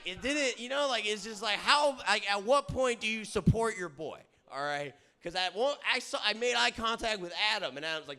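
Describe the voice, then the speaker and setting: Young dude ranting a story to his buddies, bright sharp voice, kinda high, keeps going "all right?". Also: normal speed, few pauses. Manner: gets loud and excited at times. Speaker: comedy podcast host. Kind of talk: casual storytelling chat.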